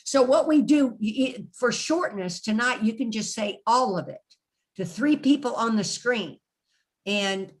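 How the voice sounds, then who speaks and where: A woman leading an online study group on a video call, chatty and encouraging, laughing often. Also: mid-range voice. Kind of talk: casual online group discussion.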